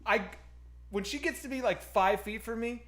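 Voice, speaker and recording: A man's voice: very high voice, normal speed. Swearing man telling a wild story. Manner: excitable storyteller, swears often. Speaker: stream co-host. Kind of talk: casual chat, telling a story.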